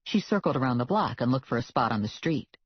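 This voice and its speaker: An audiobook narrator reading a first-person comic novel in a wry, deadpan manner. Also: medium pitch, quick pace, husky, dry recording. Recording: dull lo-fi, dry.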